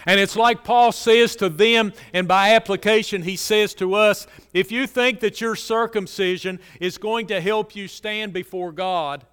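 Slow, emphatic preacher in a reverberant hall. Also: male voice, high-pitched, steady tone, a bit bright, smooth. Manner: slow, emphatic preaching with swells and drops in volume. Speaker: pastor. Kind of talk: sermon.

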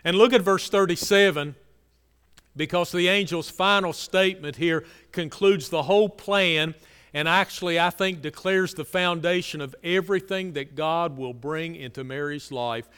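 Earnest preacher in a reverberant hall. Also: male voice, moderate pace, clear, resonant tone. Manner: earnest preaching, repetitive emphasis, drops to soft low lines. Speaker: pastor. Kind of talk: sermon.

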